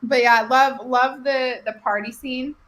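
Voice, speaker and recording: A woman's voice: sits high, fairly even intonation, measured pace, a bit bright. A woman of thirty co-hosting a casual movie chat, enthusiastic and full of fillers. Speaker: co-host.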